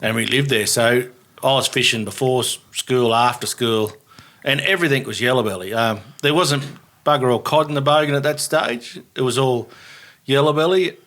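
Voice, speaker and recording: A man's voice: mid-range voice, normal speed, fairly bright tone. An Australian man telling fishing stories as a podcast guest, laughing and swearing as he talks. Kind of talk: casual chat, fishing yarns.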